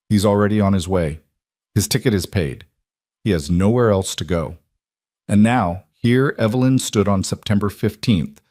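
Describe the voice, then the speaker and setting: A man giving scripted narration of a frontier romance story in a steady, even manner. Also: fairly low pitch, no echo, studio quality.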